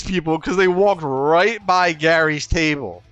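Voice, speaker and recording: A man's voice: on the high side, moderate pace, hardly any pauses, fairly bright tone, clean tone, dry recording, soft background music. A man co-hosting a podcast, telling stories in casual chat, swearing now and then and restarting his sentences. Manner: storytelling, profane, many restarts. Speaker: podcast co-host.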